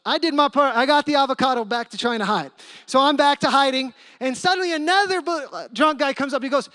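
A man delivers a storytelling sermon with a high, bright-edged voice. He jumps into character voices for the people in his anecdote, keeping it animated. The sound is dry and close. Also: fast talker, dry recording. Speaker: pastor.

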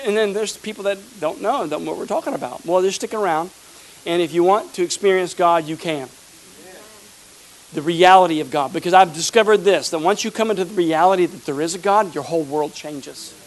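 Pastor, middle-aged man, high voice, animated sermon delivery from the pulpit. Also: poor audio. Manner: animated preaching, acts out quoted people. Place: church sanctuary.

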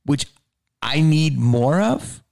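A man hosting a podcast in casual chat, an animated storyteller who swears freely and sometimes drops to a low mutter. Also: slow, gravelly, dry recording, studio quality. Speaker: podcast host.

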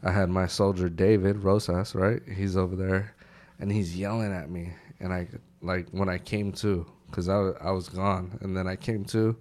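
A very low-pitched male voice belongs to a veteran guest on a casual podcast. He tells his story with lots of profanity, and the dramatic moments burst out in shouts. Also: level tone, normal speed.

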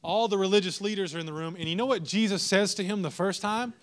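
Man, pastor, sermon, emphatic, repeats phrases, quizzes congregation, higher-pitched. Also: fast talker.

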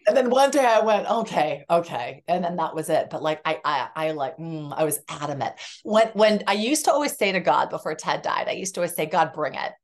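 A woman with a notably low, deep voice talks openly about her own life as a guest on a podcast. She tells it vividly and acts out what others said, switching into their voices as she goes. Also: brisk, few pauses. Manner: animated, acts out quoted dialogue. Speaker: psychotherapist guest. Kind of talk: candid personal storytelling in conversation.

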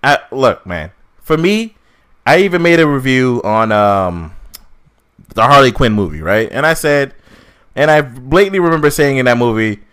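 Casting: male podcast co-host, mid-pitched voice, animated, profane ranting in casual chat. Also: moderate pace, clear, resonant tone. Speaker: podcast co-host reviewing a film.

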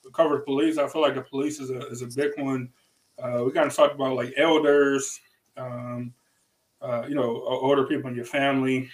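This man, a podcast co-host, talks briskly in a level, mid-range voice. His casual conversation is loose, full of fillers and repeated phrases, and it's captured in a low-quality recording.

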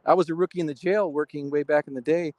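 A middle-aged man, the guest, shares enthusiastic anecdotes in a casual chat. His voice sits a little high, and the sound is dry. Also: steady tone, quick pace, a little mellow, dry recording. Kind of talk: casual phone interview chat.

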